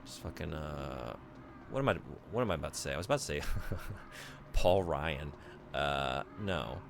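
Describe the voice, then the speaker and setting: Deep, gravelly man streaming a game. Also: lively intonation, moderate pace, noisy background. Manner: rambling, thinks aloud and answers chat. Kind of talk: casual gaming stream chat.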